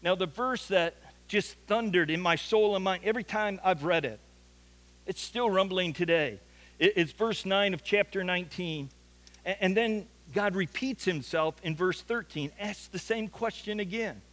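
Pastor guy preaching, high-ish voice, earnest, repeats himself for emphasis, big echoey church hall. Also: moderate pace, a bit bright. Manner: earnest storytelling preaching, repeats words when stressing a point. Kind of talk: sermon. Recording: long reverb of a large hall.

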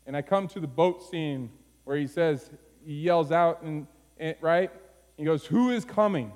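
A man preaching a sermon, moving from low, quiet phrases to high, urgent pleading. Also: steady tone, measured pace. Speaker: pastor. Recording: long hall reverb.

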